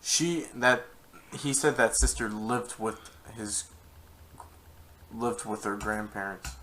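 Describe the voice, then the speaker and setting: A man's voice: fairly low pitch, slow, sharp tone. A man co-hosting a casual vlog, reacting in a rambling, hesitant way and drifting into side stories. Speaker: co-host reacting to the story. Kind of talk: casual chat commentary.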